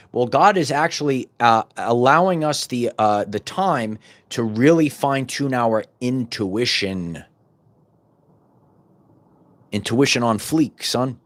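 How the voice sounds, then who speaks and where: A middle-aged man hosting a podcast, giving a fervent spiritual monologue full of repetitions and stumbling restarts that rises into loud bursts. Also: medium pitch, expressive, slow. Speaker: podcast host.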